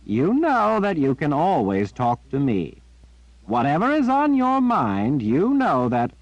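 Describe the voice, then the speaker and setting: A man doing a gentle old grandfather wizard. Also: a little high, huge pitch swings, no echo, pitched above the performer's own voice, full character voice. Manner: gentle, drawling, slow. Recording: dry, dull lo-fi.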